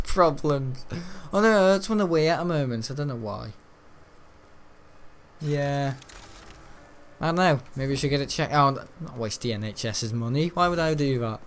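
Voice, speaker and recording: A young man in his late teens rambles casually through stories, his voice sitting at an ordinary middle pitch. He talks in a loose, chatty way and slips into the voices of the people in his stories. A faint hum of noise runs under his speech. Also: moderate pace. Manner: chatty, storytelling, mimics the people he talks about. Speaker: gaming channel host. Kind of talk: casual rambling chat over gameplay.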